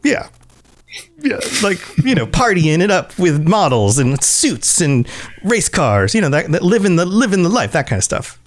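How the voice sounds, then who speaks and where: A man co-hosting a podcast, chatty and quick to laugh, with lots of fillers. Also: high voice, very animated. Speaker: podcast co-host. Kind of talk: casual podcast banter.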